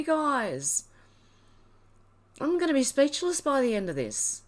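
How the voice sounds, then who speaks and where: A woman's voice: sits high, huge pitch swings, slow, long pauses, soft background music. A woman hosting a livestream, reading viewers' comments aloud while tearful and overwhelmed, laughing through it. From Australia. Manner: emotional, teary and laughing, overwhelmed. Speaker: livestream host. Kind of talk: reading live chat aloud.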